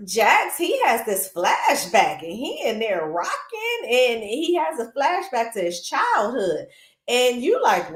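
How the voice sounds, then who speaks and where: Woman, high voice, animated chatty film recap, echoey room. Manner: animated, chatty, lots of asides to viewers. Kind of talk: casual movie recap. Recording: roomy echo.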